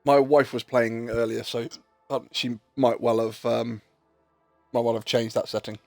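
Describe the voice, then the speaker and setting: A man's voice: mid-range voice, little pitch movement, measured pace, gravelly, darkish tone, no room sound, faint music behind. A man streaming a game, chatting in a rambling way and swearing casually while he has the hiccups. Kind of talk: casual livestream chat while gaming.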